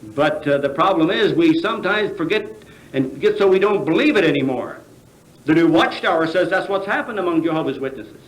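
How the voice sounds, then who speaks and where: A man's voice: a little high, expressive, fairly quick. An American man gives a sermon at a convention, asking his listeners rhetorical questions and stumbling over fillers as he goes. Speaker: convention speaker. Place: large convention hall. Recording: echoey convention hall.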